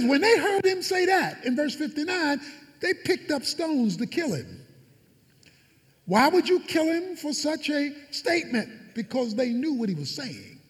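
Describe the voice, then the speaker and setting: A man's voice: extremely high pitch, a bit bright, big-room sound. A man preaching a sermon as pastor, with emphatic repetition and fervent delivery.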